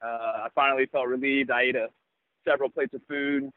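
A young adult man, a baseball player, telling a personal story in an interview in an earnest, reflective way with halting restarts. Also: medium pitch, level tone. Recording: tinny phone-like, dry sound.

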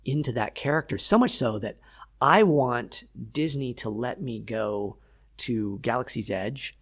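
A man, an actor being interviewed, telling lively behind-the-scenes stories and acting out what people said. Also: mid-range voice, measured pace. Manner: animated storyteller, acts out quotes. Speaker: actor guest. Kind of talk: casual interview chat.

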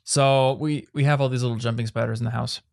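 A young man from Iowa hosting a podcast, telling stories in a loose, animated, rambling way with frequent restarts. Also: medium pitch, fast talker, gravelly. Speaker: podcast host. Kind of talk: casual chat.

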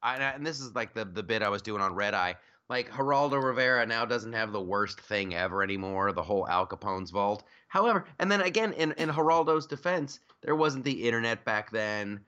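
A man's voice: lowish voice, animated, fairly quick, hardly any pauses, pushed and bright, muffled recording. A man hosting a podcast, talking politics in a joking, rambling way with lots of restarts. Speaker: podcast host. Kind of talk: casual political chat.

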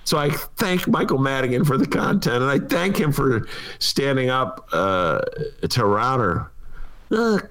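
A man, co-hosting a casual political talk show, animated and quick to laugh. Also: mid-range voice. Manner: animated, laughing, mimics people mid-story. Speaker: co-host, columnist.

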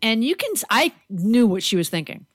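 A woman co-hosting a casual political chat podcast, talking in an animated, blunt way and swearing freely. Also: fairly high pitch, a little fast, no echo. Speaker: podcast co-host.

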